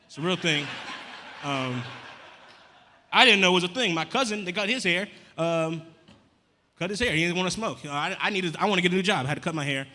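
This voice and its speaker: Deadpan male comic working the crowd; rapid delivery, long room reverb. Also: sits high. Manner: deadpan, chatty crowd work with casual slang. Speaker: stand-up comedian. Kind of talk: stand-up comedy set. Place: comedy club stage. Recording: live venue with long reverb.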